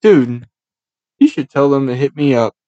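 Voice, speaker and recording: A young man hosting a casual podcast, telling rowdy stories full of swearing and animated voices for the people in them. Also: medium pitch, moderate pace, dry recording, dull audio. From Buffalo, New York area. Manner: loud, swearing, storytelling with animated impressions. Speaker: podcast host.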